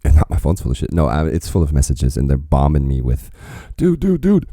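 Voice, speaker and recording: A man with a very low, mellow voice comments on a song in a loose, profane, rambling way. His pitch swings widely as he gets worked up. The sound is dry and close, with no room echo. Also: fairly even intonation, quick pace. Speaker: reaction video host. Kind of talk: casual reaction commentary.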